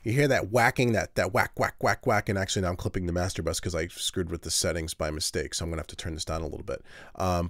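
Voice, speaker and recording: A man's voice: on the low side, dry recording. A man hosting a home-studio tutorial, explaining his mixing steps casually with fillers and restarts. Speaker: mix engineer tutorial host. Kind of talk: screen-recorded software tutorial.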